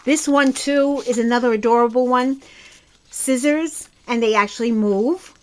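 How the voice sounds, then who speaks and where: A woman's voice: on the high side, normal speed. A woman with a Brooklyn accent chatting enthusiastically as she shows her craft projects, rambling with a few restarts. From Brooklyn, New York. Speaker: crafting channel host. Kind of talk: casual crafting show-and-tell.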